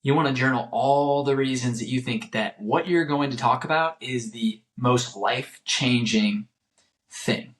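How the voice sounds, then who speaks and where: A man's voice: medium pitch, unhurried. A young man hosting a solo motivational podcast. He talks earnestly and repeats phrases for emphasis. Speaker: podcast host.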